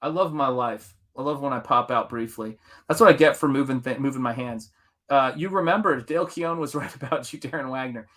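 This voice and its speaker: A man's voice: mid-range voice, brisk, fairly bright tone. A middle-aged man hosting a live art stream, chatting casually and enthusiastically with his viewers while he paints. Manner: enthusiastic, rambling, talks to the chat.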